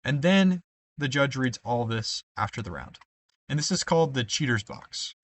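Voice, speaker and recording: A man's voice: medium pitch, animated, normal speed. A young man teaching debate card formatting in a screen-share tutorial, explaining step by step with frequent ums and asides of "right?". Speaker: debate coach.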